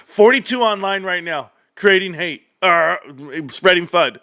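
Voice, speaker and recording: Bright-voiced man hosting a livestream. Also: high-pitched, moderate pace, no room sound, studio quality. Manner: energetic, animated, laughs often. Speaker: livestream host. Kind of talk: casual livestream talk.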